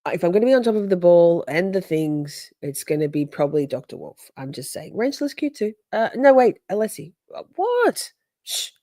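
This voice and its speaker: A woman's voice: on the low side, lively intonation, a little fast, few pauses, mellow, no room sound. A woman hosting a livestream, chatting casually, swearing and reacting to her chat. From Australia. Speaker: livestream host.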